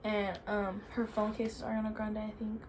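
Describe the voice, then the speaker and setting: A woman's voice: mid-range voice, completely flat delivery, moderate pace, darkish tone, a little hiss or hum. A young woman answering viewer questions in casual chat, chatty and full of "like" fillers. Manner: chatty, filler-heavy with frequent "like".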